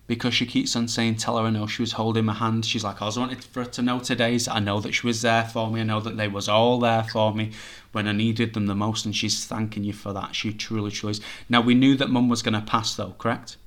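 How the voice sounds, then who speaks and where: Lowish-voiced guy doing a medium reading, chatty, reassuring. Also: flat delivery. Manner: chatty, reassuring, relays messages in quick bursts. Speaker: psychic medium. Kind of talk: reading for a sitter.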